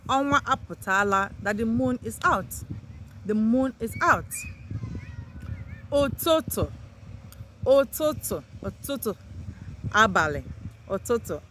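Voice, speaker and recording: A woman with a slightly bright voice speaks slowly with lively intonation and long pauses, over a little hiss or hum. She is a language teacher giving a vocabulary lesson, sharply lifting the pitch of each new word as she introduces it and repeating it before explaining.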